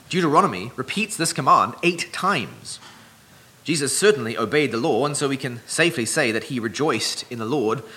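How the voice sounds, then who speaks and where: Bright, lively-voiced male preacher. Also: mid-range voice. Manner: measured, earnest teaching tone. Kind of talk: sermon.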